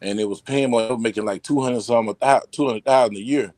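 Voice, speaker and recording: Talking fast in a medium-pitched voice, this podcast host rambles through profane, animated stories in a casual chat, frequently restarting. There's no room sound on the recording.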